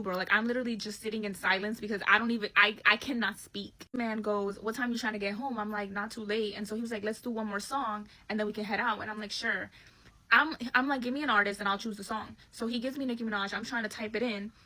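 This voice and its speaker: A woman telling a bad first date story in a blunt, profane, animated way. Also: mid-range voice, fast, rough recording.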